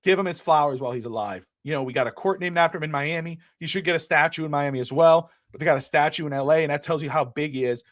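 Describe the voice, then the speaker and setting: A middle-aged man co-hosting a casual sports talk show, ranting with animated energy and swearing freely. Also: fairly high pitch, quick pace, hardly any pauses, dry recording. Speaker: podcast co-host.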